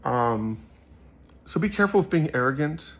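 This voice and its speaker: A man's voice: lowish voice, fairly even intonation, moderate pace. A young man giving casual, earnest commentary on Bible verses, rambling with many fillers. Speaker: Bible study vlogger.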